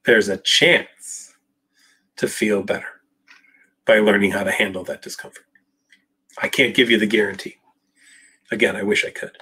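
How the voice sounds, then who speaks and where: A man's voice: fairly low pitch, steady tone, moderate pace, pauses often, sharp tone, breathy edge. A man, a psychologist, answering viewer questions on a live Q&A, speaking emphatically and addressing people directly by name. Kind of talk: live Q&A, casual talk.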